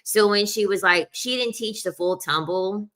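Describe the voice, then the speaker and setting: A woman's voice: mid-range voice, normal speed, fairly bright tone. A young adult woman talking in a casual, rambling chat, full of "like" fillers and the odd laugh. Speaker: podcast host.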